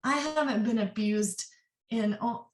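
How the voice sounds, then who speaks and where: A woman's voice: a little high, noisy background. Roomy, distant young woman telling her story. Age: 20s. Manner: earnest and open, rushing in quick bursts. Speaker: interview guest. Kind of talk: candid personal storytelling. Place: office. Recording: roomy echo, distant mic.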